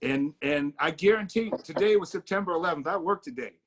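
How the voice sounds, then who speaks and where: An American man talking through his ideas in a relaxed group discussion. His voice sits a little on the high side, and he explains earnestly and at length, building his points as he goes. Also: brisk, slightly rough. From United States. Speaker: discussion participant.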